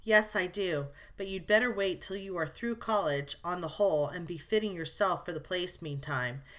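A woman reading the lines of a spirited young woman who scolds briskly and comforts her sister tenderly, in an audiobook. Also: fairly low pitch, a bit bright, natural voice.

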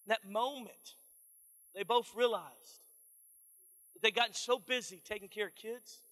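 A man's voice: high-pitched, bright, forceful tone. A man preaching a sermon in earnest, warning tones, addressing the congregation as friends. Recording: long reverb of a large hall.

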